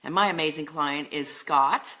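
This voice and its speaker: Deep-voiced, bright middle-aged woman coach. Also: normal speed. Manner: earnest, coaching tone with lists and fillers. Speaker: life and love coach. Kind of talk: solo talk to camera on relationships.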